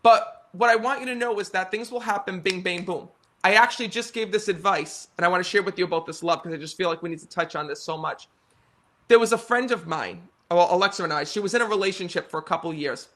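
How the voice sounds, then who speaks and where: A man's voice: sits high, pushed and bright. A man in his thirties with an American accent, earnestly telling personal stories to a live audience, often checking in with "right?" and "you know.". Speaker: psychic medium guest. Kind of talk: casual storytelling conversation.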